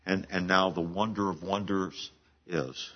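A man's voice: sits low, steady tone, unhurried, highs cut off. A man in his seventies preaching a sermon in a conversational, storytelling way, often restarting phrases and laughing. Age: 70s. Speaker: pastor.

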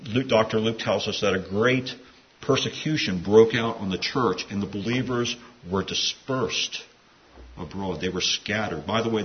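A man preaching a sermon in a conversational, digressive way, with asides. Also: fairly low pitch. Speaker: pastor. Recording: dull lo-fi sound with faint hiss.

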